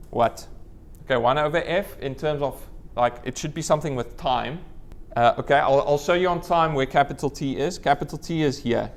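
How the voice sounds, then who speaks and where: A man giving a live university lecture, quizzing the class and letting out playful whoops. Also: fairly high pitch. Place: lecture room with students.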